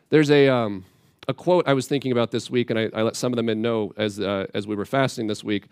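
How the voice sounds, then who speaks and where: Male preacher, mid pitch, easygoing and plainspoken, dry read. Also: a little fast, no echo. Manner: casual, plainspoken, animated asides. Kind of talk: conversational Bible teaching.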